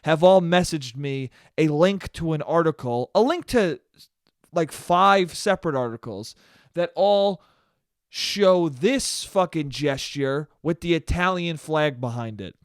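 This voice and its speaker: A young man hosting his own podcast, ranting in a profane, animated way. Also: on the high side, a little slow, no room sound, studio quality. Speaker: podcast host. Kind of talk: solo comedic podcast rant.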